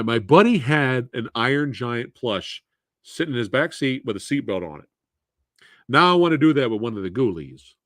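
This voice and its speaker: A man's voice: medium pitch, a bit bright, no room sound, clean studio sound. A man hosting a live movie Q&A stream, chatting casually, laughing often and swearing freely.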